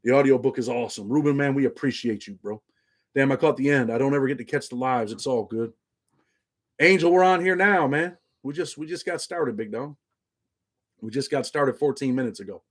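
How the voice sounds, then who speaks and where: Speaking briskly in a mid-range voice, a middle-aged man hosts an easygoing livestream. He repeats "man" over and over and reads viewer comments aloud.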